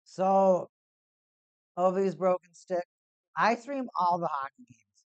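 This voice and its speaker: A man with a slightly high voice talks casually through a hockey watch-party stream. He rambles and repeats himself in an easygoing way. The sound is dry and close, with no room echo, from a desk mic at home. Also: takes it slowly, smooth. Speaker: live-stream host.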